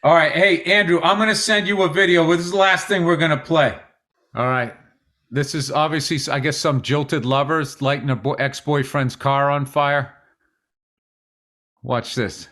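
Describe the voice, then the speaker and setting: A man's voice: fairly high pitch, fairly even intonation, moderate pace, sharp tone. A man co-hosting a podcast in casual chat, wry and joking, telling stories with lots of animation. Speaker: podcast co-host.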